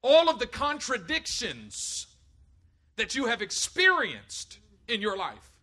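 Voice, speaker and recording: Middle-aged male pastor, husky and high-pitched, animated sermon delivery. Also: slow. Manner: animated preaching, acts out voices in stories.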